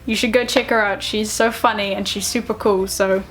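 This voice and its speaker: A woman, chatting excitedly and self-deprecatingly in a casual book vlog. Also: medium pitch, normal speed. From New Zealand. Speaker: book vlogger.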